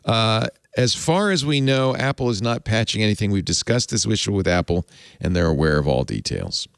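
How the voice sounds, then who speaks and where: A man with a low, gravelly voice hosts a technology talk show. His pitch rises and falls widely as he rambles and corrects himself. The recording is dry and close to the mic. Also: animated, brisk, no echo. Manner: rambling, self-correcting, chuckles often. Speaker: podcast host. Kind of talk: casual tech talk.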